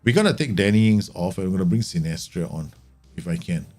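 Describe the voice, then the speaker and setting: Male game streamer, lowish voice, excitable live match commentary, faint background music. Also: quick pace. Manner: animated, exclaiming and grumbling at the match. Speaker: streamer playing a football management game.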